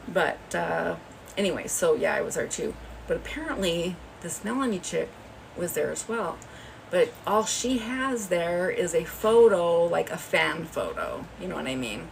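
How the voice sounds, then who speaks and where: A woman's voice: on the low side, vocal fry, far from the mic, a little hiss or hum, poor audio. A woman hosting a livestream, telling a rambling, gossipy story in a chatty way. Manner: rambling, chatty, often laughing. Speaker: livestream host. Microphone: phone.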